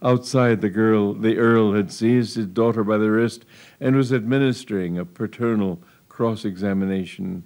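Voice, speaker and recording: A man's voice: lowish voice, normal speed, darkish tone. A man reading a humorous story aloud in a wry, amused storytelling manner. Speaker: narrator. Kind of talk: audiobook reading of a comic tale.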